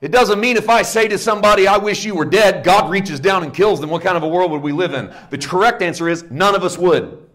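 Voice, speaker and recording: A middle-aged man preaching a sermon, dropping into hushed low asides and rising to loud emphatic peaks. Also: a little fast. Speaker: pastor.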